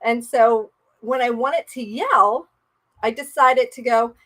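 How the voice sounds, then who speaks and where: A woman's voice: on the high side, slow, a bit bright. A woman life coach leading a live-streamed coaching session, playful and encouraging in a chatty way.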